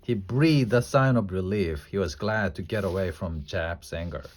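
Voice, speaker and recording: A man reading a children's chapter book aloud, slow and deliberate. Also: low-pitched. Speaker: storybook reader.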